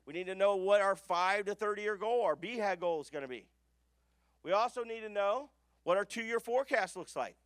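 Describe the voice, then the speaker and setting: A man's voice: high-pitched, brisk, smooth, no echo. A man giving an emphatic business coaching talk to a live audience, often putting questions to the room.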